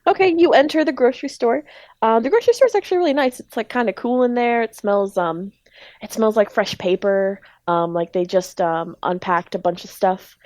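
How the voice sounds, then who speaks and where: A woman's voice: fairly high pitch, fairly quick, darkish tone, dry recording. Dry-sounding woman game master, casual. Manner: casual, many ums and likes. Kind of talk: narrating a tabletop game.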